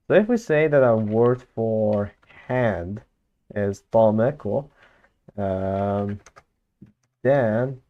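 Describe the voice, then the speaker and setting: A man's voice: medium pitch, phone-quality sound. A man talking casually as he works through his own constructed language, thinking aloud with fillers and self-corrections. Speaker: conlang creator. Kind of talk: casual screen-recorded commentary.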